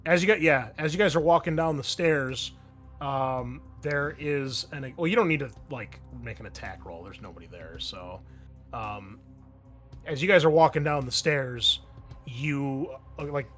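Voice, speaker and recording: A man's voice: mid-range voice, animated, unhurried, a bit bright, soft background music. A man narrating as game master of a tabletop role-playing game, casual, with many fillers and restarts.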